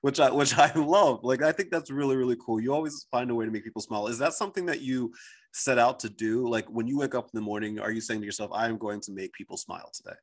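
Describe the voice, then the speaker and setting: A man's voice: mid-range voice, quick pace. An American man hosting a podcast interview, effusive and chatty, often repeating words and restarting his sentences. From United States. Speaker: podcast host.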